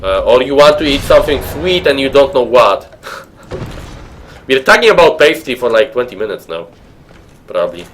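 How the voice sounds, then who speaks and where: A man's voice: medium pitch, sing-song, normal speed, pauses often, a bit bright, a little hiss or hum. A man from Poland with a Polish accent, rambling in casual chat to viewers while playing a game on stream. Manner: rambling, chatty, many fillers and restarts. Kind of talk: casual let's-play chat.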